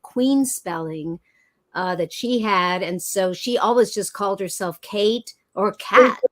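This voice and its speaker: A middle-aged actress chatting as a guest, telling stories and spelling out names. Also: female voice, medium pitch, a bit bright. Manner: chatty, storytelling, spells things out. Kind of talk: casual chat.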